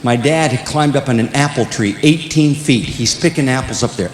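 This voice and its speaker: An older man telling comic stories to young people, swinging between loud punchlines and hushed, earnest moments. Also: expressive, moderate pace. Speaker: speaker at a youth conference. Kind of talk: comedic storytelling. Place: large hall. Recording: echoey hall with faint rumble.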